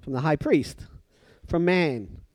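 Man, preacher, sermon; somewhat high voice, dry close sound, acts out the story's speakers, drops from emphatic to hushed. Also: slow, no room sound. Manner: swings from loud emphatic bursts to soft hushed lines.

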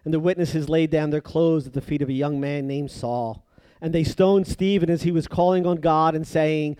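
Preacher, male, higher-pitched, dry close recording, emphatic swings from forceful to hushed. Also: fairly even intonation, clear, resonant tone, no room sound. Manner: swings between loud emphatic passages and hushed, drawn-out phrases. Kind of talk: sermon.

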